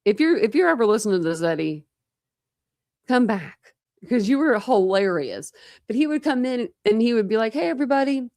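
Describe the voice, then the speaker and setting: Gravelly-voiced woman chatting on a livestream. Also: mid-range voice, big pitch swings, moderate pace, darkish tone, dry recording, studio quality. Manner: rambling, talks straight to live chat. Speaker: true crime channel host. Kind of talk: casual livestream chat.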